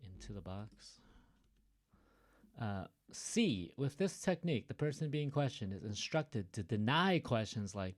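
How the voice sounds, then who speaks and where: A man's voice: on the low side, big pitch swings, unhurried. A man teaching an online reading lesson, talking casually, stopping often to explain and joke. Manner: chatty, stops to explain and joke.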